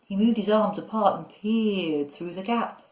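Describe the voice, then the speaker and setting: A woman narrating a children's story in a measured, expressive way. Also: mid-range voice. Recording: echoey room.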